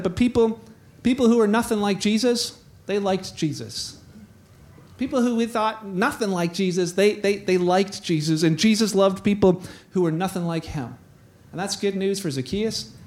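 High-voiced man preaching conversationally. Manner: animated storytelling with chuckles and quick restarts. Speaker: pastor. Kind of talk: conversational sermon.

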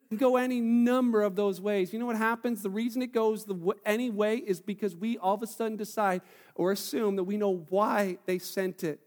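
Male pastor, high-pitched and lively, casual restarts, preaching in a reverberant church hall. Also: a little fast. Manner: animated, acts out quoted voices; conversational with frequent restarts. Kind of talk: sermon.

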